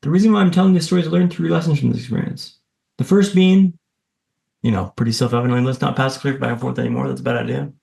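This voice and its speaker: A man's voice: medium pitch, steady tone, very fast, gravelly, mellow, echoey room. A man guest on a podcast, telling a dramatic personal story in vivid, punchy lines with self-deprecating humour.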